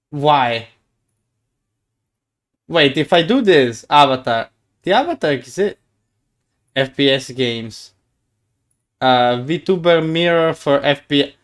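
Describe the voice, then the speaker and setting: A man streaming live who chats casually with his viewers, playful and excitable, often stumbling over his words and repeating himself. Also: mid-range voice. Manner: excitable, stammering, playful, greets chat.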